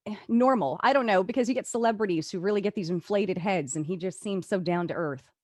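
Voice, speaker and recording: A woman's voice: medium pitch, fairly quick, darkish tone, no echo, studio quality. Friendly woman host in her thirties. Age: 30s. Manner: friendly, laughing often. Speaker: interview host. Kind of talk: casual interview chat.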